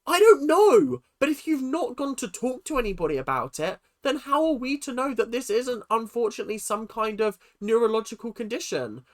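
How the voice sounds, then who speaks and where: Animated recap ranter. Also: mid-range voice, a little fast, hardly any pauses. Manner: emphatic, exasperated, asks rhetorical questions. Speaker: reality TV recap vlogger. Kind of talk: ranting commentary to camera.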